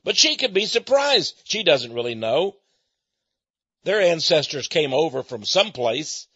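A man's voice: fairly high pitch, very animated, unhurried, fairly bright tone, husky, no room sound. A man from Texas, a radio host, speaking in a folksy conversational monologue and chuckling often. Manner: folksy storytelling with frequent chuckles. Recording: dull lo-fi recording.

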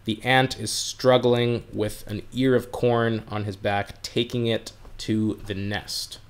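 A man's voice: on the low side, flat delivery, slow pace, clean tone. A man teaching English on a livestream from home, explaining words plainly and chatting with his viewers in a friendly way. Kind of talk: live-streamed language lesson.

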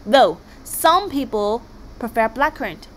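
A woman's voice: a little high, lively intonation, measured pace, a little hiss or hum, poor audio. A woman voicing a clever, bookish young Viking boy who talks in a matter-of-fact, persuasive way.

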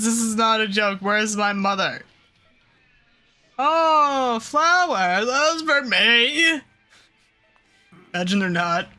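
Brief: sharp-toned let's-play commentator, loud, swearing, quick to yell and laugh. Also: medium pitch. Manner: loud, profane, laughing reactions. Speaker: gaming video creator.

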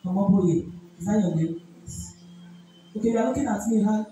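A woman's voice: medium pitch, a little fast, warm tone, a little hiss or hum. Commanding Nigerian woman pastor, echoey hall. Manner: commanding, repetitive rebuking commands. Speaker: pastor leading a deliverance session. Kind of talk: deliverance ministration. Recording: echoey church hall from far off with music.

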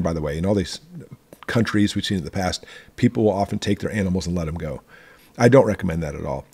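A man from Michigan talks fast in a casual how-to vlog, full of asides and direct questions to his viewers. His voice sits low, gravelly and husky. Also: a little mellow. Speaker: prepping channel host.

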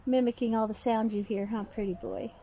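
A woman's voice: a little high, fairly even intonation, a little fast, mellow, a little hiss or hum. A woman who cares for rescued birds chats outdoors with her pet bird, cooing praise at it. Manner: doting, coos praise at the bird. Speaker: bird sanctuary caretaker. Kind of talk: casual chat with a pet bird. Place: outdoors in the sun. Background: birds calling and cooing.

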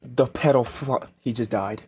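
A man's voice: medium pitch, unhurried, faint music behind. A young man reacting to an anime episode, casual and profane, anxiously exclaiming and pleading. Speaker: reaction video host. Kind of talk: live reaction commentary.

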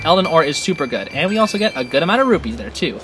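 A gaming channel host giving excitable, rambling let's-play commentary with frequent laughs. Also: medium pitch, rapid-fire, over music.

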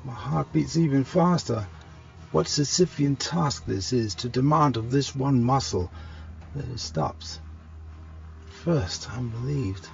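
A man's voice: medium pitch, lively intonation, takes it slowly, creaky, a little mellow, highs cut off, faint music behind. A man reading a first-person horror story as a tense, anxious inner monologue. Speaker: story narrator.

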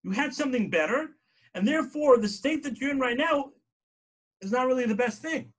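High-voiced male lecturer for a synagogue class: conversational storyteller, punctuates with "right?", rises to emphatic quoted lines. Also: expressive, a little fast. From lived in Israel. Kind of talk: sermon-style lecture.

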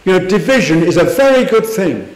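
A man's voice: high voice, very animated, a little fast, echoey room, poor audio. A man preaching a sermon in a church, earnest and full of rhetorical questions. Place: church hall.

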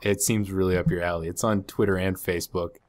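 Low-voiced man joking through gameplay. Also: level tone, quick pace. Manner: joking, laughs often. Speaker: co-host. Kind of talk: casual gameplay commentary.

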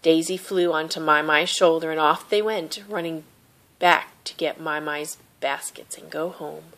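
A woman reads a children's picture book aloud in a gentle, expressive way. Her voice sits on the lower side. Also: a little slow. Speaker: storybook reader.

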